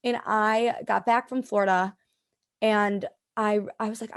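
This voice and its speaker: A woman's voice: mid-range voice, fairly even intonation, normal speed. A young woman in her twenties, a podcast guest, chatting casually and filling her talk with "like". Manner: chatty, lots of "like", talks to herself in quotes. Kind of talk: casual interview chat.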